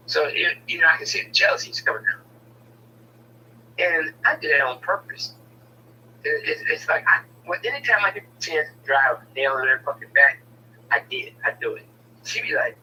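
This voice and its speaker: A man's voice: a little high, big pitch swings, moderate pace, pushed and bright, recorded from a distance, a little hiss or hum, rough recording. A man telling a personal story in casual, blunt, profane talk, often stumbling and repeating words as he starts a sentence.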